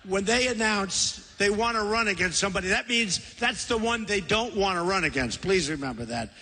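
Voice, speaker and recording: A man's voice: sits high, lively intonation, moderate pace, pushed and bright, a little hiss or hum. A man in his sixties giving a boastful, rambling, repetitive campaign rally speech in a large convention center. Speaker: political candidate. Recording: long hall reverb.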